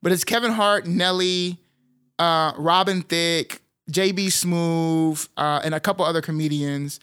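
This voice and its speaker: A man's voice: on the high side, steady tone, unhurried, a bit bright, smooth. A man co-hosting a podcast in casual chat, playful and jokey, with a slight lisp on his R sounds. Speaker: podcast co-host.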